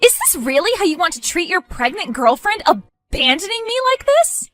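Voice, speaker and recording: A woman's voice: very high-pitched, big pitch swings, moderate pace, a bit bright, no echo, soft background music, exaggerated voice. A woman playing a demanding, sulky pregnant young girlfriend who whines and sneers. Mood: whiny. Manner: whiny, sarcastic.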